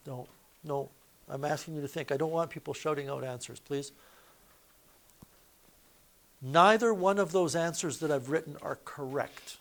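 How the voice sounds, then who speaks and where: A man's voice: on the high side, normal speed, long pauses. A male math teacher lecturing a classroom, explaining each step and correcting himself aloud as he goes.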